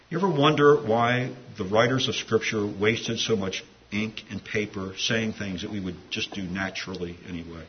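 A man's voice: fairly low pitch, moderate pace. A man preaching a sermon in a conversational, digressive way, with asides. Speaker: pastor. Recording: dull lo-fi sound with faint hiss.

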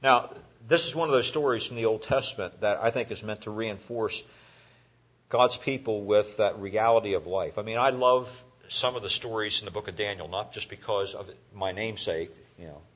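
A man's voice: fairly low pitch, normal speed, husky. A man teaching a Bible class in a folksy, conversational way, telling the story and asking his students questions. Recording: dull lo-fi recording.

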